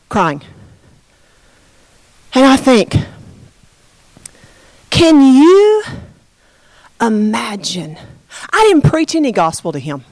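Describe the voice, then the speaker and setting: A woman pastor telling a story in a sermon, expressive and conversational, addressing her congregation. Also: very high voice, no echo.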